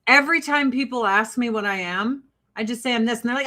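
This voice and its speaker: A woman's voice: a little high, lively intonation, normal speed, bright, forceful tone. A woman from the Joliet area hosting a casual livestream chat with viewers, blunt and jokey, swearing freely. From Joliet, Illinois, USA. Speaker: livestream host and beauty product seller.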